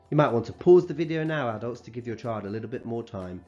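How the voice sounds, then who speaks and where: A man teaching a recorded phonics lesson to young children, sounding out letters slowly and clearly and praising them as they go. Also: mid-range voice, expressive, darkish tone, muffled recording, faint music behind. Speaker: primary school teacher.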